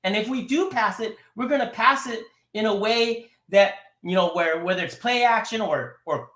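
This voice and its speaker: A man calling in to a sports show, rambling and animated, often laughing as he talks. His voice is high and bright, and it rings in an echoey room. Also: moderate pace. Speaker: caller. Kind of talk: casual sports talk.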